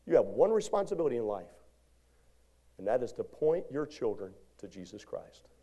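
A male pastor preaching a sermon in a church, animated, moving from shouts to hushed lines and calling out to the congregation. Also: mid-range voice, normal speed. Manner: call-and-response exhortation to congregation. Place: church sanctuary.

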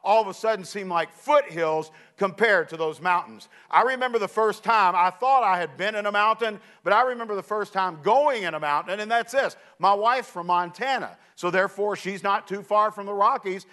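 A man's voice: high voice, moderate pace, hardly any pauses, sharp tone. A man preaching, telling a folksy story with asides to the audience. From Kentucky. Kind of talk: storytelling sermon.

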